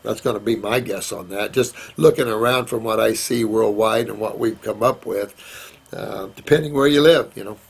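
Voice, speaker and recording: A man's voice: on the low side, moderate pace, gravelly, slightly rough. A middle-aged man hosting a casual question-and-answer session, talking in a rambling, folksy way and calling viewers sweetheart and honey. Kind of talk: casual live Q&A.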